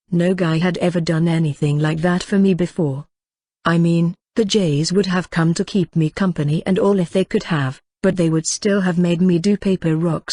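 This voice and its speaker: A woman reading a novel aloud in first person, as a steady storytelling narration. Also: lowish voice, no room sound. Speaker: audiobook reader.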